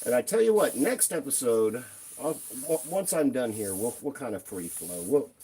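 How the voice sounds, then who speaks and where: A man's voice: medium pitch, sing-song, moderate pace, mellow, breathy edge. A man hosting a casual live stream, chatting playfully with his viewers while he cleans a shelf at home. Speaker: livestream host. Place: room at home by a toy shelf.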